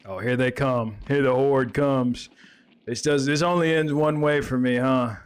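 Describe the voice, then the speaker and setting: A man's voice: medium pitch, measured pace, clear, resonant tone. A man streaming a game, bantering and joking casually with a friend and swearing freely. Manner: jokey, animated, swears freely.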